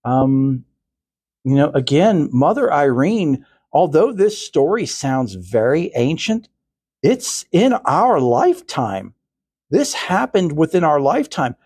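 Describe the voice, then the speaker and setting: A man's voice: a little high, big pitch swings, slow pace, darkish tone, breathy edge, no room sound. An older male podcast host reading a story aloud, with earnest, chatty asides.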